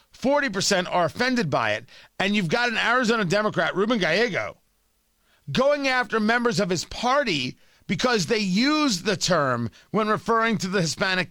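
A man's voice: high-pitched, pushed and bright, no echo. A man hosting a political commentary show, delivering an opinionated, sarcastic monologue with emphatic repetition.

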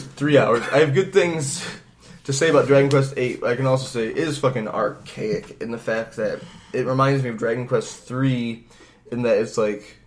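A man co-hosting a podcast, rambling casually about a video game, swearing freely and acting out bits of dialogue. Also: mid-range voice. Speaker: podcast co-host.

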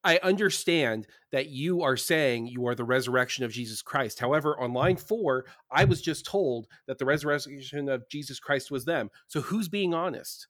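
A man's voice: medium pitch, lively intonation, moderate pace, few pauses, a bit bright, no echo, lightly acted. A man voicing a grandiose late-night radio host who earnestly probes a caller. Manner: grandiose, probing.

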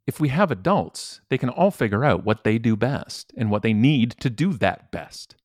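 A man's voice: medium pitch, animated, normal speed, dry recording, clean studio sound. A man in his forties, a professional speaker, talking emphatically and animatedly as a podcast guest. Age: 40s. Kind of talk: conversational podcast interview.

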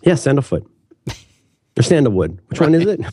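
A man co-hosting a casual podcast chat, rambling and teasing his co-host, with lots of restarts and an animated delivery. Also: mid-range voice, moderate pace, slightly rough, dry recording, clean studio sound. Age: adult with a daughter.

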